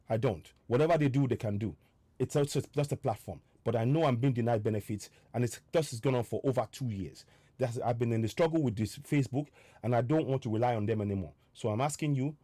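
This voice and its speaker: A man hosting a political podcast, talking with fiery passion that he then tries to calm down. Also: mid-range voice, no room sound. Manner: fiery and worked up, then winding down softly. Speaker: activist podcast host. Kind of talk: impassioned political livestream talk.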